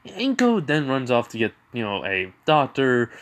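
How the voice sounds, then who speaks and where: A man's voice: mid-range voice, wildly swooping pitch, moderate pace, few pauses. A man narrating an improvised fan story in a mid-range voice, rambling along and often doubling back to restart his sentences. His telling is loose and casual, studded with filler phrases. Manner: rambling, full of "you know" and restarts.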